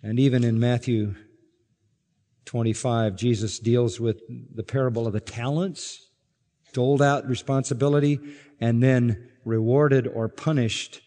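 A man's voice: mid-range voice, warm tone, in a large hall. A male pastor preaching an expository sermon, reading scripture aloud and building to emphatic peaks on key lines.

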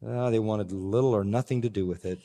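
A man preaching a sermon as pastor, emphatic, swinging between loud bursts and hushed, quiet phrases. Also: fairly low pitch, a little fast. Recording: long hall reverb.

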